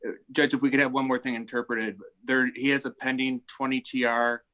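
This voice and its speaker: Man attorney, flat monotone delivery, procedural. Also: mid-range voice, brisk, poor audio. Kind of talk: courtroom exchange on a video call.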